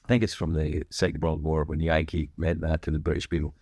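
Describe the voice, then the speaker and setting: A man from Scotland with a Scottish accent softened toward American, hosting a podcast in a casual, rambling, animated monologue full of asides. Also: very deep voice, a little fast, breathy edge. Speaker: podcast host.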